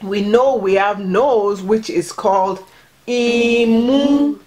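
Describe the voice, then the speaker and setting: A woman's voice: on the high side, slow pace, darkish tone. A woman teaching words to children at home, patient and encouraging, prompting and repeating each word. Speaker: vlogger teaching Yoruba to children. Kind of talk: home language lesson.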